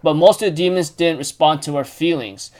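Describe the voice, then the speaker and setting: A man's voice: on the high side, brisk, darkish tone. A man casually recapping a manga chapter, rambling with many fillers and restarts.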